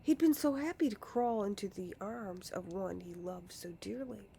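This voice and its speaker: A woman reading a storybook aloud in a deliberate way, often dropping into a hushed whisper. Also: mid-range voice, gravelly, a little hiss or hum. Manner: slow, deliberate, often slipping into a hush. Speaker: narrator.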